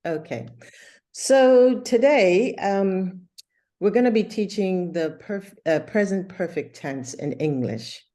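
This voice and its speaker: A woman teaching an English lesson over a video call, explaining slowly and patiently with many fillers. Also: medium pitch, lively intonation, mellow.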